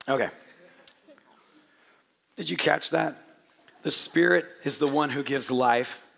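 A man preaching a sermon to his congregation in a hoarse, gravelly voice, chatty and joking, often restarting his sentences. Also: a little high, slow pace, a bit bright. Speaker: pastor. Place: church hall before a congregation.

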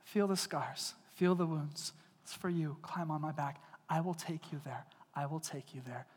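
A gentle, tender Jesus, as a male pastor puts him on speaks softly, almost in a whisper. The voice is high for a man. A long hall reverb trails behind it. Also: steady tone, moderate pace, breathy edge. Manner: soft, tender, near-whispered. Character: Jesus, gentle man offering to carry others.

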